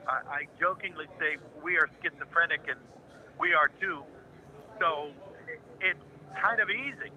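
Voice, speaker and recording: A man's voice: a little high, moderate pace, long pauses, highs cut off. A man in his seventies from Ohio, a voice actor telling jokey anecdotes as a guest in a casual interview. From Ohio, United States. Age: 70s. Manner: jokey, anecdotal, animated raconteur.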